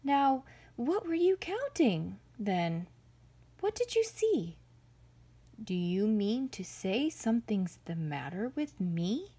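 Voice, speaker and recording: A woman's voice: on the high side, very animated, slow, warm tone, slightly rough, full character voice. Woman doing a moaning, gullible big bear. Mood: puzzled. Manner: worried, moaning. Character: big gullible male bear, easily frightened.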